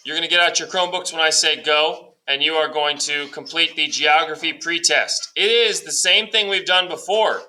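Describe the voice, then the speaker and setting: A male teacher giving brisk step-by-step classroom instructions, lightly joking. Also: fairly high pitch, pushed and bright, poor audio. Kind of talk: classroom instructions recorded for a substitute.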